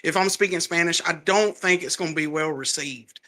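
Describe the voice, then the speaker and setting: Southern male comic, high and bright, lively anecdotes with acted-out quotes. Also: a little fast. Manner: animated storytelling, laughs often, acts out quotes. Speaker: stand-up comedian, guest. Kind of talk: casual chat.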